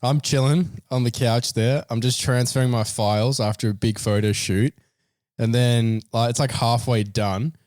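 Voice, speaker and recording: A man's voice: mid-range voice, steady tone, normal speed, darkish tone, dry recording, clean studio sound. A man co-hosting a podcast, telling funny stories in casual chat and laughing through the punchlines. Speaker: podcast co-host.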